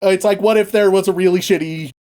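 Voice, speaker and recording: A man co-hosting a podcast, casually retelling a story with lots of swearing and quick acted-out asides. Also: high-pitched, fairly even intonation, a little mellow. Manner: profane, playful, acts out characters in quick asides. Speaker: podcast co-host.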